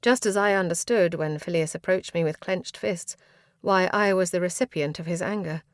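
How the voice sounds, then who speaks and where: A woman's voice: fairly low pitch, moderate pace, no echo. Woman narrating a fantasy audiobook, dry and close.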